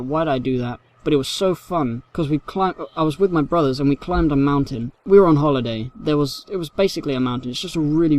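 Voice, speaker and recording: A young Englishman with a London accent and a slightly high, mellow voice rambles casually through viewer questions in a Q&A vlog, recorded dry. This YouTuber reads each question aloud and pokes fun at himself.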